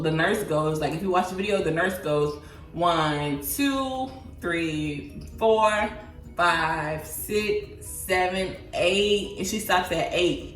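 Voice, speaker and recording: Chatty twenties woman vlogging, says y'all a lot, roomy echo, kinda distant mic, soft music under. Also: fairly low pitch. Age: 20s. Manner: chatty, animated, talks to viewers as y'all. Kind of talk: casual storytime. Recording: echoey room, voice a bit far from mic, faint music.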